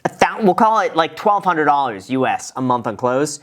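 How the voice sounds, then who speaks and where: A man hosting his own show, giving video reaction commentary in an animated, chatty way with quick laughs and playful asides. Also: on the high side. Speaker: show host.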